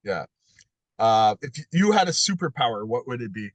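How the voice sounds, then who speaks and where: A man's voice: medium pitch, big pitch swings, normal speed, no room sound. A man interviewing a guest in casual podcast chat, full of crude jokes. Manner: crude joking banter.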